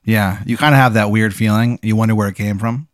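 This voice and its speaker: A young man hosting a comedy podcast, telling an improvised absurd story with deadpan delivery. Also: lowish voice, fairly quick, no echo, clean studio sound. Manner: deadpan, building absurd scenarios.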